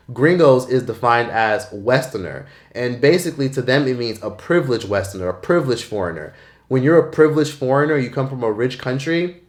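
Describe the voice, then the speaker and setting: Blunt, emphatic male vlogger. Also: mid-range voice. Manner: blunt, emphatic, swears freely. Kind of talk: casual commentary.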